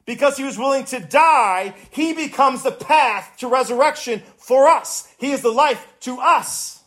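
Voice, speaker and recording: Man, preacher, sermon, high voice, emphatic, repeats words, impassioned. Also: a little slow. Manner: emphatic, repeats words, rises to shouts and cries on scripture. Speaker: pastor.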